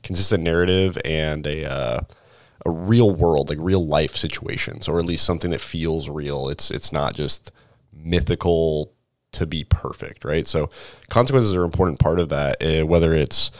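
A man who runs tabletop games talks it through with a very deep voice. His manner is measured and thoughtful, recorded close and dry. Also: no room sound. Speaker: dungeon master, co-host. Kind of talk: casual chat.

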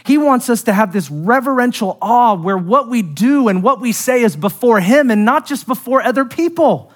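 Man, pastor, high voice, sermon, earnest, self-deprecating asides to congregation. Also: expressive, moderate pace. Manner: earnest, builds to emphatic peaks then drops quiet; direct address to congregation, self-deprecating humor.

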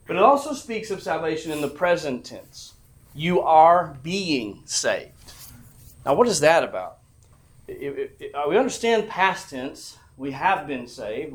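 A man preaching a sermon to his congregation, earnest and emphatic, often restarting his phrases. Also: on the high side. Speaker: pastor.

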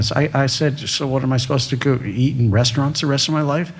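A middle-aged man, a restaurateur, telling his story as an interview guest, animated and acting out the people he quotes. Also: mid-range voice, quick pace, hardly any pauses. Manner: animated, quoting others in lively voices. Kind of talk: storytelling in casual conversation.

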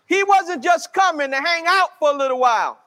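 A man's voice: very high-pitched, expressive, bright, forceful tone, long reverb tail. A man preaching a sermon as pastor, drawing out his words and calling the congregation to answer back. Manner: slow, drawn-out preaching with call-and-response.

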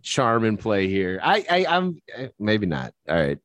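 A man co-hosting a casual movie podcast, animated, laughing often and restarting his sentences. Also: lowish voice, measured pace, no echo. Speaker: podcast co-host. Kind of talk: casual chat about movies.

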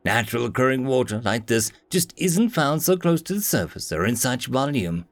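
A man's voice: very animated, normal speed. A man voicing a haughty, dramatic young female mage in an audiobook reading, his voice raised well above his own. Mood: excited. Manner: dismissive, theatrical, high-pitched squeals.

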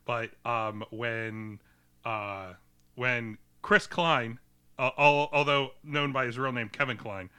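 A man's voice: mid-range voice, takes it slowly, sharp tone, clear, resonant tone. A man co-hosting a podcast, reviewing a movie in casual chat and rambling with plenty of fillers and restarts. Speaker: podcast co-host.

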